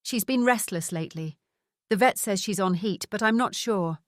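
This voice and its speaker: A woman voicing a gruff, impatient lord in his sixties, who is hard of hearing, in an audiobook. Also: medium pitch, moderate pace, no echo, studio quality, close to an everyday voice. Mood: fond. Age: 60s.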